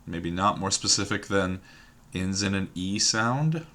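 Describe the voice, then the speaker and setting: A puzzle game streamer with a low, bright, forceful voice thinks aloud at his computer while working on a word puzzle. He speaks a little slowly with lively intonation, musing hesitantly, trailing off, and repeating words to himself.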